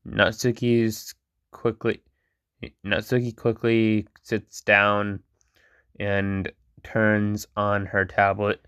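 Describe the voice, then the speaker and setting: Man host reading a chatbot role-play: slow, monotone, smooth voice. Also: fairly low pitch, no echo, studio quality. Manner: monotone reading with stumbles and blunt reactions. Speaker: channel host reading an AI chat.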